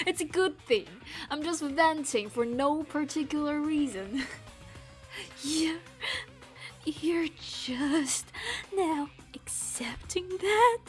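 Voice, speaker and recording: Woman streamer, casual game commentary, rambling, playful, unhurried, high voice. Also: lively intonation, soft background music. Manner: rambling, playful, laughs often; tries out character voices aloud. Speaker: streamer playing a visual novel.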